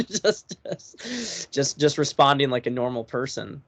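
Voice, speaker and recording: A man hosting an interview, chiming in with quick affirmations and explaining background for his listeners. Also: medium pitch, sing-song, fairly bright tone. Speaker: interview host. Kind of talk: casual interview chat.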